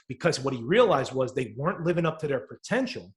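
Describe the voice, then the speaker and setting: A man's voice: mid-range voice, fast talker. A man co-hosting a casual podcast, telling stories with lots of swearing and acting out the quotes. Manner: animated storyteller, swears freely, acts out quotes. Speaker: podcast co-host.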